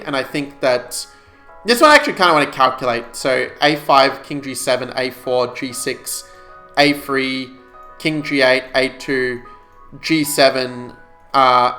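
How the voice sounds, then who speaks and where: A man streaming chess puzzles live, calculating moves out loud and explaining them to his viewers in a casual way. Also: medium pitch.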